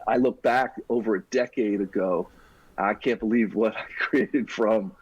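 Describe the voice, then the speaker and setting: A middle-aged man, a podcast guest, telling his life story in an energetic, casual, buddy-like way. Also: lowish voice, a little slow, breathy edge, no room sound, dull audio. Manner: energetic, talks like a buddy, says "dude".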